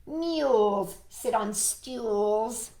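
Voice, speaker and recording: A woman voicing a bossy cat who lays down rules slowly and firmly in a children's storybook. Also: a little high, dark tone, reverberant, pitched below the performer's own voice. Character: bossy rule-making cat.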